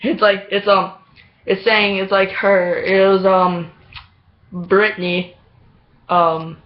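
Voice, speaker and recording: In a casual vlog, a man rambles through a story with many fillers and restarts, laughing often. His voice is high, level and slow, captured in dull lo-fi home video audio.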